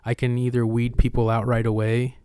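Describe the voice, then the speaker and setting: A man's voice: mid-range voice, completely flat delivery, a little fast, mellow, clear, resonant tone, dry recording, clean studio sound. A man hosting a podcast in casual conversation, talking candidly with slang and swearing, and acting out the conversations he retells. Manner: acts out retold dialogue with energy. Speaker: podcast host.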